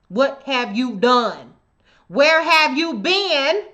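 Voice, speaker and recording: A woman's voice: high voice, very animated, very slow, sharp tone. An American woman hosting a livestream, delivering heated political commentary in a profane, confrontational, emphatic way and talking straight at her commenters. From United States. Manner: addresses commenters directly. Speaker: livestream host.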